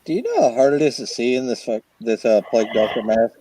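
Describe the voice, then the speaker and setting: A man's voice: mid-range voice, sing-song, fast, dark tone, low-quality recording. A man in casual group voice chat, joking and profane. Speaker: voice chat participant.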